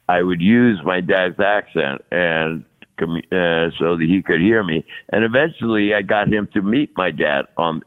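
Man, 60s, low voice, rambling storyteller, thin phone-line quality. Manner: rambling, with many restarts and chuckles. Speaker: guest actor. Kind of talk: casual storytelling. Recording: lo-fi, phone-like sound.

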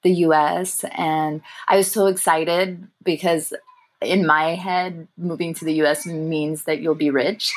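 A young woman, a guest in an interview, telling personal stories in a thoughtful, warm way with soft laughs and pauses. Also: low voice, steady tone. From grew up in England, family from Sri Lanka. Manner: thoughtful, warm, laughs softly, frequent fillers. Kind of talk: reflective personal storytelling.

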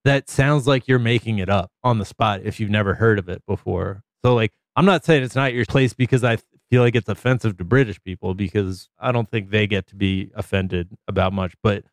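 A man's voice: on the low side, a little fast, few pauses, no room sound, studio quality. A man co-hosting a podcast, chatting and riffing animatedly, swearing freely. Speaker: podcast co-host. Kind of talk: casual chat. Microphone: studio mic.

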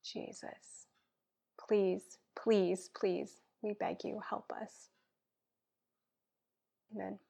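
A woman, a guest and children's pastor, praying aloud and speaking from the heart in an earnest, soft-spoken way that drifts into whispers. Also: medium pitch, level tone, very slow, gravelly, long pauses, breathy edge. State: tearful and emotional. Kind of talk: spoken prayer and heartfelt chat.

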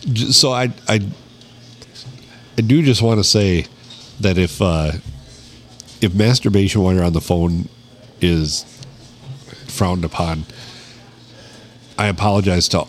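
A man's voice: low voice, a little slow, pauses often. A man co-hosting a podcast, making dry jokes in laid-back banter. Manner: laid-back, dry joking, laughs often. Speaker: podcast co-host. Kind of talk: casual banter.

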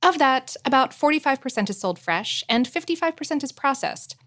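A woman co-hosting a podcast in casual chat, reading out facts with lots of ums and gentle amusement. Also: high voice, lively intonation, a little fast, no echo, clean studio sound. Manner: chatty, many fillers, gently amused. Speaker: podcast co-host.

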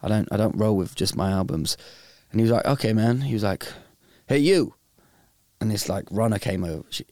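Brief: easygoing young host, rambling and jokey, dry close mic. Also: male voice, fairly low pitch, a little mellow, no room sound. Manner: laid-back, rambling, laughs easily. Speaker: host of a phone-in show. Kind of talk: casual chat.

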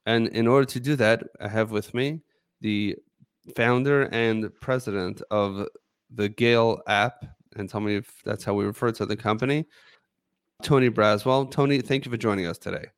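A man hosting a podcast and interviewing a guest in a measured way, often using filler phrases. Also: lowish voice, fairly even intonation, clear, resonant tone, no echo. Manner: measured, with frequent "you know" fillers. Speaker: podcast host.

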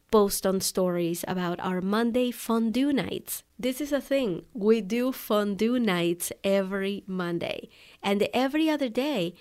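Her voice is medium-pitched with a somewhat dark tone. As host of a podcast for online coaches, she talks to listeners conversationally while telling a personal story, dropping in "right?" and "you know" often.

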